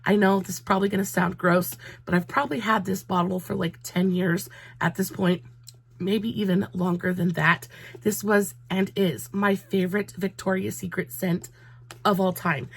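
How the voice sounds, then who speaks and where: A woman's voice: medium pitch, steady tone, moderate pace, vocal fry, slightly rough. A woman, chatting casually and emotionally through a product review. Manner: chatty, emotional, says y'all a lot. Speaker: beauty vlogger.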